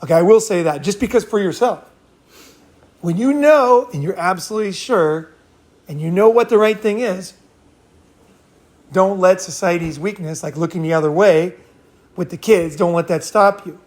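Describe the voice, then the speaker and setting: A man's voice: sits high, moderate pace, long pauses. Blunt, profane man telling stories. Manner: blunt, profane, rambling with frequent restarts and laughs. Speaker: host. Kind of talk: casual storytelling chat.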